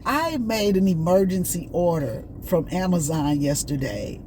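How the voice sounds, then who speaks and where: A woman hosting a casual vlog, chatting and telling stories in an animated way while out on a morning walk. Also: lowish voice, measured pace, background noise. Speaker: vlog host. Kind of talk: casual chat.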